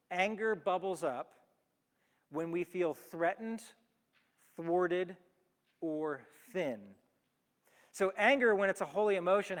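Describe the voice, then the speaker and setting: High-voiced pastor preaching in a hall. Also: male voice. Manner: storytelling with everyday examples, lively and emphatic. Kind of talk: conversational sermon. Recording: long hall reverb.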